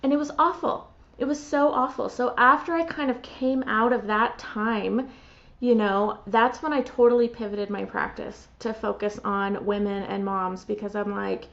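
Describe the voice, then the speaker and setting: A middle-aged woman talks in a loose, animated run, stacking fillers as one thought spills into the next. Her voice sits a little high. The sound is dull and slightly muffled. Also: normal speed, creaky. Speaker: podcast host. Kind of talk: casual conversational storytelling. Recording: muffled lo-fi audio.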